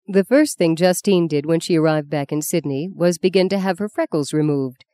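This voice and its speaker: A woman narrating a novel aloud in a calm, measured storytelling voice. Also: low voice, dry recording. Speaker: audiobook narrator. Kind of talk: scripted narration.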